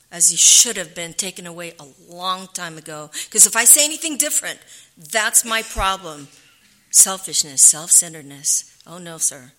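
A middle-aged woman telling her own recovery story in a candid, halting way, often dropping to a hushed whisper. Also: fairly low pitch. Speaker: recovery speaker. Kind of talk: personal testimony.

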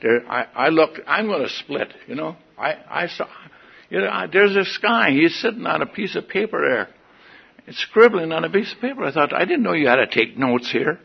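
A man's voice: a little high, animated, moderate pace, vocal fry, slightly rough, dull audio. An older man giving a folksy, wry personal testimony at a meeting, in front of an audience. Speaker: recovery meeting speaker.

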